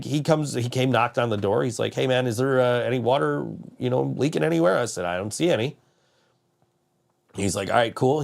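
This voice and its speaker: A man hosting a podcast, telling a rambling story in casual chat, laughing often and swearing freely. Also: mid-range voice. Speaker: podcast host.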